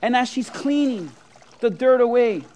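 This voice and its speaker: A preacher giving a sermon and telling a story with dramatic swings from soft to loud. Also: mid-range voice, expressive, unhurried.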